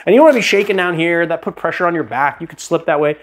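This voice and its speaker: A man's voice: fairly high pitch, quick pace, a little hiss or hum. A man hosting a casual cocktail how-to from his home bar studio, chatty and self-deprecating with rambling asides. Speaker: bartender host.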